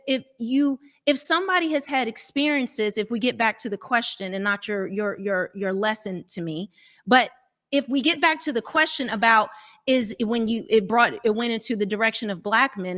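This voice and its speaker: A woman's voice: fairly high pitch, fairly bright tone. A woman, a dating coach, arguing in a heated debate, defensive and talking over others.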